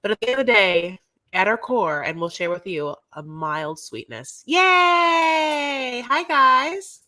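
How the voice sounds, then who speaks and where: A woman's voice: on the low side, moderate pace, bright, forceful tone. Chatty lady cohost rambling about reality tv, lots of likes and um. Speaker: podcast co-host. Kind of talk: casual chat about reality TV.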